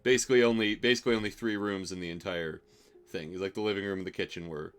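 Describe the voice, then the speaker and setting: A man's voice: sits low, steady tone, fast talker, soft background music. A young man telling a rambling, profanity-laced story about a bad job, exasperated and wry. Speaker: streamer telling stories. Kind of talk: casual storytelling.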